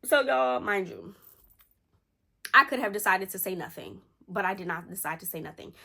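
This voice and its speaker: A woman vlogger telling a personal story in a chatty, animated way, slangy and talking straight to her viewers. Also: mid-range voice, fairly quick, creaky. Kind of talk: casual storytime.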